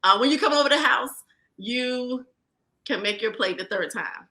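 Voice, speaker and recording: A woman with a Southern accent from rural Virginia, hosting a podcast in a lively, folksy, chatty way. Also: fairly high pitch, moderate pace. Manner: lively, folksy, talks straight to listeners. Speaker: podcast host. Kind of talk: casual podcast chat.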